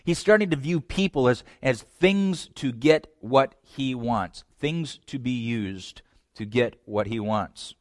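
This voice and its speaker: A man preaching a sermon, retelling a scripture story with lively acted-out lines and direct asides to his listeners. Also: medium pitch, slow pace, dry recording, clean studio sound. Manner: animated storytelling, acts out voices; direct address to young men. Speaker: pastor.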